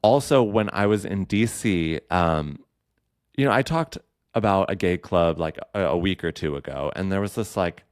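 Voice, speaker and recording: A man's voice: low-pitched, lively intonation, normal speed, smooth, dry recording, clean studio sound. A man hosting a podcast, chatting casually and campily with lots of fillers and asides. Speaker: podcast host. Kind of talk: casual solo chat.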